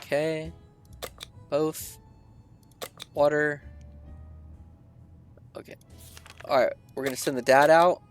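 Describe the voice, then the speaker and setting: Man, gameplay commentary, somewhat high voice, reads game text aloud, soft music behind. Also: fairly even intonation, takes it slowly, pauses often. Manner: muttering decisions, reading event text in a livelier voice. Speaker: gameplay video creator.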